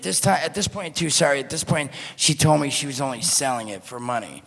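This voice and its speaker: A man casually telling a long personal story, animated and profane, acting out the voices he quotes. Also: mid-range voice, a little fast, gravelly, few pauses, long reverb tail. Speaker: podcast co-host.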